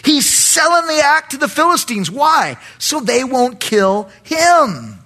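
A man's voice: very high-pitched, big pitch swings, slow, bright, forceful tone. A male pastor preaching an expository Bible study, animatedly breaking into dramatic voices for the characters.

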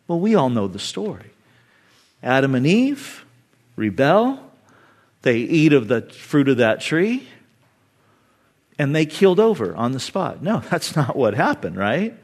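A man preaching a sermon as pastor, reading scripture aloud and retelling it in casual words, slowing down for emphasis. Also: mid-range voice, big pitch swings. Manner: reads scripture aloud, then paraphrases it in casual talk; slows for emphasis and asks the audience to read along.

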